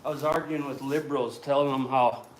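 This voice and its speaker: A man's voice: mid-range voice, steady tone, a little fast. A man talking crudely and jokingly to himself while working on a skid steer in his shop, grumbling and ranting as he goes. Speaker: vlogger. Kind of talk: casual workshop vlog. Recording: roomy and distant, noisy background.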